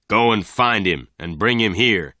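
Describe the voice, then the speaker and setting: Man reading as an angry dark-voiced rancher. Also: on the low side, expressive, a little slow, no echo, studio quality. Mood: menacing. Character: tall dark menacing male rancher, angry.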